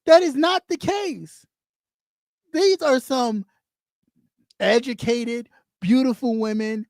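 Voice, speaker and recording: The voice belongs to a woman streamer who speaks in a high pitch and rants bluntly at her audience. She swears constantly and mocks people as she goes. The recording is dry and close, with no room echo. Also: slow pace, darkish tone. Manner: blunt, mocking, heavy swearing. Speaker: YouTube streamer. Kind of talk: profane rant on camera.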